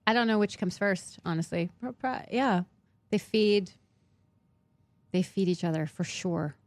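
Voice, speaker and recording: A woman's voice: mid-range voice, a little slow, darkish tone, no room sound. A woman in her forties, a podcast guest chatting casually and candidly, swearing freely and laughing often. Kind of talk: casual chat.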